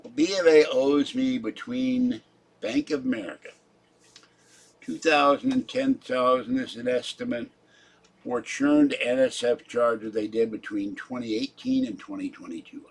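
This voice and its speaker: A man's voice: mid-range voice, breathy edge. A man chatting casually on his own livestream, rambling and muttering asides to his chat. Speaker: YouTube livestreamer.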